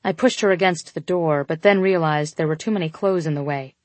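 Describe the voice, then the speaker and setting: A woman reading a first-person story aloud in a steady, intimate narration. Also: low-pitched, a little fast, no room sound. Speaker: audiobook narrator.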